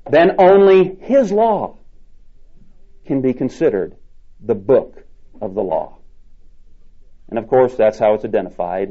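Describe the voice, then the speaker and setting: A man preaching a sermon, emphatic and repeating key words with slow, drawn-out stresses. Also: mid-range voice, warm tone, muffled recording.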